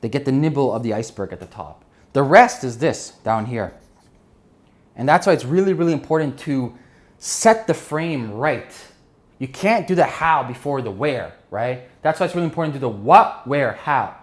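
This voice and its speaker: A man giving an energetic business lesson while drawing on a board, often checking in with his listeners. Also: mid-range voice, moderate pace. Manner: energetic, keeps checking in with "right?" and "okay?". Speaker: business instructor.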